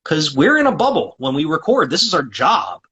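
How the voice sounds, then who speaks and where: A man's voice: fairly high pitch, wildly swooping pitch, normal speed, a bit bright, lo-fi sound. A man being interviewed as a guest voice actor, chatting casually and talkatively, often restarting his sentences with fillers.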